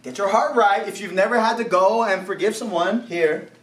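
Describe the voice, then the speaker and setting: A young man preaching a sermon in a church, animated and exclaiming, acting out conversations as he goes. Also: sits high, moderate pace. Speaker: pastor. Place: church room. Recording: echoey room, voice from a distance.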